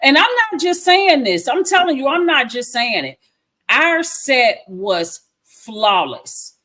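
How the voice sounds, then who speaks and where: A woman's voice: sits high, big pitch swings, slow, bright, forceful tone. A woman, chatting effusively as a filmmaker guest and repeating herself for emphasis. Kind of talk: casual interview chat.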